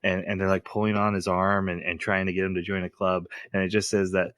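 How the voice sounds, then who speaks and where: A man co-hosting a podcast, retelling anime scenes in a casual, animated way and often laughing as he goes. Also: low-pitched, quick pace, no echo. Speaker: podcast co-host. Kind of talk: casual chat recapping an anime episode.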